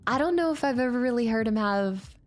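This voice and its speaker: A woman's voice: on the high side, animated, fairly quick. A woman chatting casually as she streams a game and thanks viewers by name. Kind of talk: casual live gameplay commentary.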